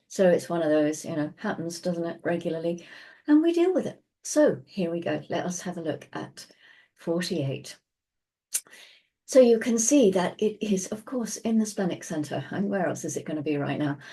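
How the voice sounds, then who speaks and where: A woman talks casually to her viewers from home, chatty and thoughtful. Her voice sits a little low, with a warm, relaxed tone. She keeps checking in with listeners through questions. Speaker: Human Design teacher. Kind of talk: casual solo explainer talk.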